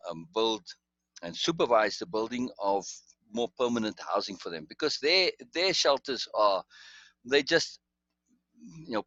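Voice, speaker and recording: A man's voice: fairly low pitch, a bit bright, no room sound, lo-fi sound. A man telling a long personal story in casual conversation, rambling with restarts and asides. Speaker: guest storyteller.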